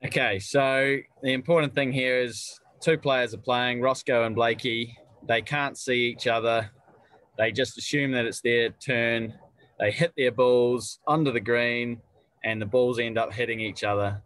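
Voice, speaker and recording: A man's voice: mid-range voice, steady tone, measured pace, a bit bright, no echo. A man co-hosting a podcast, explaining things patiently in a casual chat. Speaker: podcast co-host.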